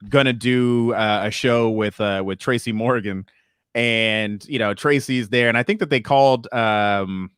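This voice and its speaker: A male podcast co-host in casual chat, telling an animated story and acting out the voices of the people in it. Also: mid-range voice, clean tone, no echo, clean studio sound.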